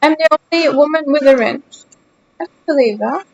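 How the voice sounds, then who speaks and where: A woman's voice: sits high, moderate pace, darkish tone, dry recording, muffled recording. A young woman streaming a game, chatting casually with her viewers in a teasing, mock-indignant way.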